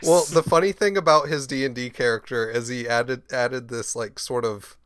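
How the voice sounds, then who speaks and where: A man's voice: mid-range voice, normal speed, a bit bright, clean tone. A man co-hosting a podcast, asking teasing questions in casual chat. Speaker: podcast co-host.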